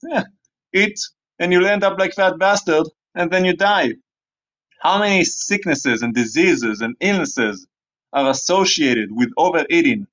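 Playful rambling man, high voice. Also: lively intonation, measured pace, a bit bright, dull audio. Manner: rambling and playful, slips into joke accents. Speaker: podcast host. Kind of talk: comic sermon-style monologue.

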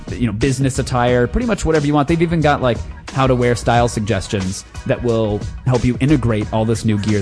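A man's voice: mid-range voice, darkish tone. Male podcast host, casual and jokey, swears freely, medium voice, faint music bed. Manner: loose, joking, swears freely. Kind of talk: casual chat and ad read.

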